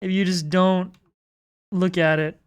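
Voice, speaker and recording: Slow-talking woman streamer, self-mocking. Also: on the low side, flat delivery, clean tone. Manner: swears freely, self-mocking, talks to chat. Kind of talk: casual live-stream chat while drawing.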